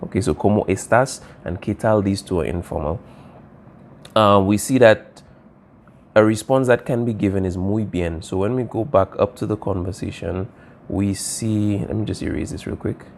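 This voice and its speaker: A man's voice: fairly low pitch, moderate pace, vocal fry, a little mellow, a little hiss or hum. A man teaching a Spanish lesson, patiently explaining phrases and often checking in with "okay" and "all right". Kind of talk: recorded classroom lesson, writing on a board.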